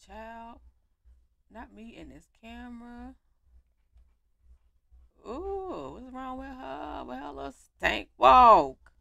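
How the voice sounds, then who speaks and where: Lively gravelly woman gaming commentator. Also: a little high, no room sound. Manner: animated, slangy reactions to the game. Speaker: gaming YouTuber. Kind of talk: let's play commentary.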